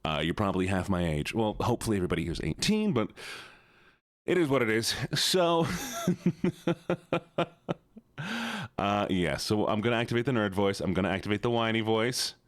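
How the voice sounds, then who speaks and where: A man's voice: fairly low pitch, very animated, normal speed, long pauses, dry recording. A man streaming live, chatting with his viewers in a playful, teasing way.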